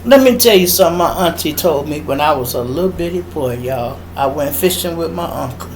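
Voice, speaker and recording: A middle-aged man with a Chicago accent hosting a podcast, telling a story in an animated, profane monologue and acting out voices and sound effects. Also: fairly high pitch, fairly quick, background noise. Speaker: podcast host.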